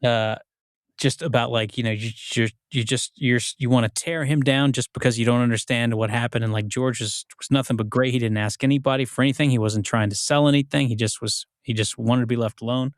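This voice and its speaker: A man co-hosting a casual movie podcast, rambling with lots of fillers and acting out scenes in quick voices. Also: mid-range voice, steady tone, no echo, clean studio sound. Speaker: podcast co-host.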